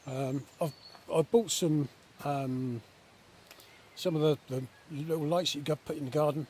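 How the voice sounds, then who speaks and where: Relaxed chatty man camping outdoors. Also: on the high side, measured pace. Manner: relaxed, chatty, many fillers. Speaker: vlogger. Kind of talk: casual camping vlog. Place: woodland camp outdoors by a river. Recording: outdoor recording with faint nature noise.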